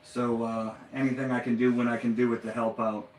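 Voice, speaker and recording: A man's voice: medium pitch, flat delivery, a little fast, over a noisy crowd. A man visiting as a donor, chatting modestly and joking, laughing easily. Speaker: guest donor. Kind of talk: casual live-stream chat. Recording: echoey room, mic at a distance, faint noise.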